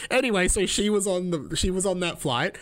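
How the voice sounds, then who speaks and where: A man's voice: high-pitched, brisk, fairly bright tone. A young man, hosting a podcast and telling travel stories in a loose, rambling way full of fillers. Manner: rambling, filler-heavy, laughs at his own stories. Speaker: podcast host. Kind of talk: casual travel storytelling.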